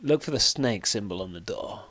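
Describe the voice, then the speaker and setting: A man voicing a shifty male barman in a seedy tavern, talking low and confidingly. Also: lively intonation, moderate pace, fairly bright tone, dry recording. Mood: conspiratorial.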